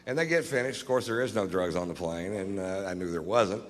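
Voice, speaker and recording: A man doing a stand-up set, telling a long story in a drawling, deadpan, profane way. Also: low voice, a little fast, long reverb tail. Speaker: stand-up comedian. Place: comedy stage.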